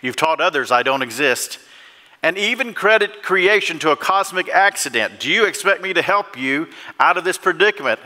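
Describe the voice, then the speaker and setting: A man's voice: fairly high pitch, lively intonation, moderate pace, bright, forceful tone, voice pushed up. A man voicing a stern divine voice from the sky, rebuking with pointed questions. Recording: echoey church hall.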